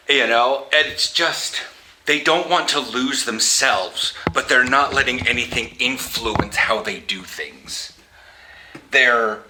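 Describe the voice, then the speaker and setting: A man from the US Pacific Northwest giving opinionated vlog commentary, halting and restarting his sentences, with wry asides. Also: medium pitch, noisy background. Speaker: vlogger.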